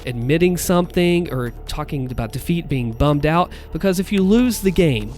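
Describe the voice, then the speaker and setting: A man's voice: on the high side, lively intonation, normal speed, darkish tone, soft background music. A man who is a voice actor, enthusiastically breaking down and imitating the delivery of game voice lines. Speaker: voice actor and video host. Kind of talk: analytical commentary on game voice lines.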